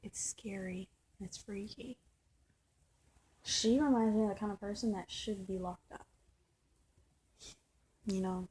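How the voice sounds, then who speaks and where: A woman's voice: medium pitch, unhurried, long pauses, mellow, slight background noise. A woman talking straight to camera in a personal vlog, venting and often restarting and repeating her words. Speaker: vlogger.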